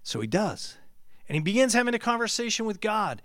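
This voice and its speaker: A man preaching a sermon, shifting from relaxed, conversational teaching to a rising, shouted climax. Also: sits high, brisk, no room sound, clean studio sound.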